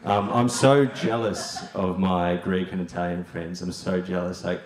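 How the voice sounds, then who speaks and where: Australian male comic, low-ish voice, crude and brash, laughs at own jokes, roomy echo. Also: steady tone, a little slow, crowd noise. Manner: brash, swearing, laughs through his jokes. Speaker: stand-up comedian. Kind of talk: crude stand-up routine.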